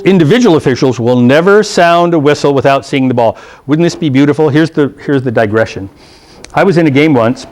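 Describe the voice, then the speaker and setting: A man's voice: on the high side, darkish tone. A middle-aged man teaching a rules class to football officials, blunt and joking, checking in with "okay?" and acting out the people in his stories. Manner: acts out coaches' lines in funny voices. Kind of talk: classroom rules lecture with anecdotes. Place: meeting room.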